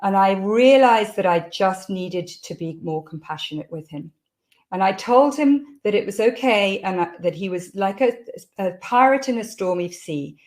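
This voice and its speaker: A woman's voice: mid-range voice, lively intonation, moderate pace. A middle-aged woman, a parenting coach telling a candid personal story to camera. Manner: candid storytelling that acts out quoted shouts.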